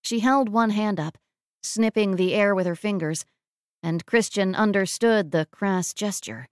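A woman narrating a romance audiobook in a measured, emotive reading on a close mic. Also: mid-range voice, smooth, no echo. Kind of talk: scripted narration.

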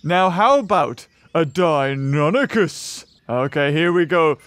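A man hosting a gaming video, giving excitable gameplay commentary full of exclamations and laughter. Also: a little high, slow, dry recording.

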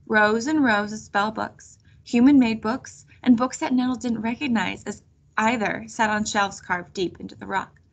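A woman reading a children's chapter book aloud in a steady storytelling manner. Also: fairly high pitch, moderate pace, gravelly, breathy edge. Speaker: reader.

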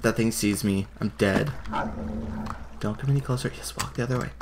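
A young man hosting a let's play, excitable and gasping, leaping to high shrieks when something scares him. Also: fairly quick. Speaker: gaming channel host. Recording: noisy home recording with keyboard clicks.

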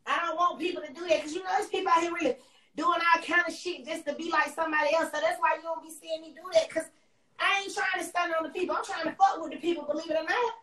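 Fast-talking high-voiced woman ranting. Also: steady tone, fairly bright tone. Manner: blunt, profane, ranting. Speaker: livestream host. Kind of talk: casual livestream chat.

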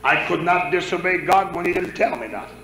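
Bright-voiced preacher in an echoey church. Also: male voice, high-pitched, brisk, slight background noise. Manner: conversational, asks the congregation questions. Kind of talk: sermon with congregation questions.

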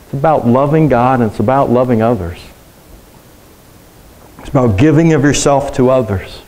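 A man's voice: mid-range voice, moderate pace, dark tone, low-quality recording. A middle-aged man, a pastor, preaching a sermon to a congregation, telling personal stories in a conversational way and asking the room questions.

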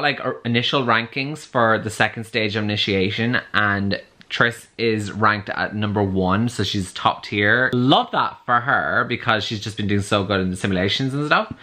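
A man's voice: on the low side, bright, forceful tone. A man in his twenties chatting casually in a reading vlog, gushing and full of "like" fillers. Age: 20s. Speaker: book vlogger.

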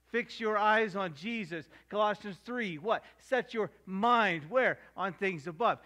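In his sermon, a middle-aged pastor whose voice sits high and sounds a bit bright dramatizes household scenes with voices. When quoting scripture, he slows down to give the verses weight.

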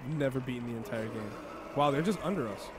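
A man's voice: medium pitch, fast. A young man from New York streaming a co-op game, joking and swearing with a friend. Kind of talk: casual gaming chat. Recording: noisy stream audio.

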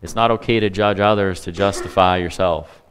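A man's voice: sits low, fairly even intonation, moderate pace, fairly bright tone, a little hiss or hum. A man preaching a sermon in a conversational way, with humor and asides to the congregation. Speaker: pastor.

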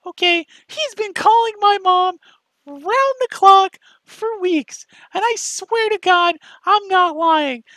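A man's voice: slow pace, pushed and bright, no echo, full character voice, poor audio. A man doing a mocking impression of a whiny, self-pitying young man who nags a rival with repetitive questions. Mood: shrill ranting. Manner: nagging, repetitive, shrill questioning. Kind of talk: mocking impression in a commentary video.

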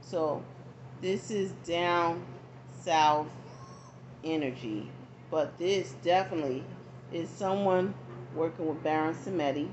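This tarot reader speaks low and slowly, pausing often as she talks directly to her viewers in a casual reading. Not from the American South, she stays conversational and checks in with frequent asides. Dull lo-fi audio with faint background noise.

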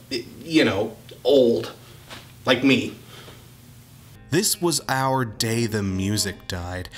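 A man in his thirties hosting a music review show, his delivery emphatic and sardonic. His pitch swings widely as he leans on words. Music plays under his voice. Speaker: rock critic host. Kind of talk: scripted music review commentary.

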